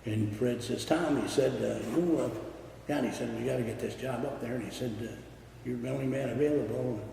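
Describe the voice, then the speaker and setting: A man's voice: medium pitch, a little fast, gravelly, warm tone, very echoey, long reverb tail, distant mic, a little hiss or hum, poor audio. Older man swapping salty railroad stories. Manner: salty storytelling with swearing. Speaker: retired railroad worker. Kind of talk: oral history interview.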